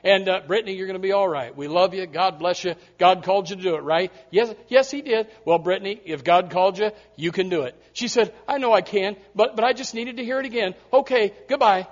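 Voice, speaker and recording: A middle-aged male pastor preaches in a high voice. He drops to soft, confiding asides and then builds to loud, repeated appeals to his congregation. The recording is dull and lo-fi. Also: a little fast, hardly any pauses. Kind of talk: sermon.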